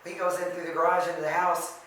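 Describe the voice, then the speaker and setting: A woman's voice: fairly low pitch, fast talker, slight background noise. A woman guest tells her story evenly and matter-of-factly, with very little rise and fall in her voice. She sounds distant from the mic in a very echoey room. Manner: even, matter-of-fact telling of eerie experiences. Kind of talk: casual storytelling.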